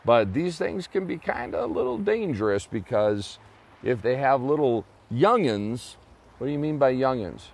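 A man's voice: medium pitch, animated, normal speed, vocal fry, a little mellow, breathy edge. A man telling a children's story in a folksy way, stopping to explain words.

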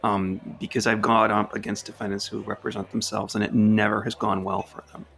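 A man who works as a lawyer, co-hosting a casual film podcast and retelling scenes with animated, laughing energy. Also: lowish voice, fairly quick, vocal fry.

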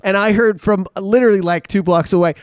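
A man's voice: sits high, fairly quick, clean tone, no echo, studio quality. A man co-hosting a casual podcast chat, telling stories with lots of fillers and restarts. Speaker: co-host.

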